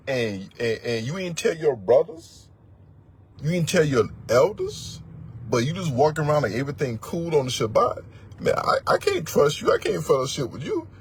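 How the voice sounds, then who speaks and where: A man's voice: on the high side, a little hiss or hum. A man teaching as a religious elder, preaching in a blunt, profane, emphatic way and repeating words for force. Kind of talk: fiery sermon-style teaching.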